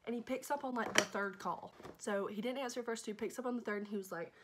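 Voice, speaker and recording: A young woman telling a dramatic, animated storytime in a vlog, often checking in with "okay?". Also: mid-range voice, fast, few pauses. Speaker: vlogger.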